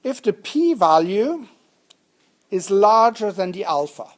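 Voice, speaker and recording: Slow-talking male lecturer. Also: high voice, very animated. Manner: jokey and interactive, questions the students. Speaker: university lecturer. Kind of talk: lecturing on statistics. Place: lecture room with students.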